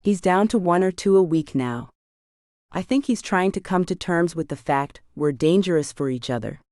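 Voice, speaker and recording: A woman's voice: sits low, warm tone, dry recording, studio quality. A woman narrating a first-person romance audiobook with wry, chatty asides.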